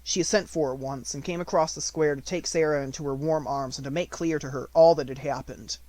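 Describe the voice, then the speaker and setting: A man's voice: a little high, steady tone, brisk, a little mellow, no echo. Man narrating an audiobook, dry sound.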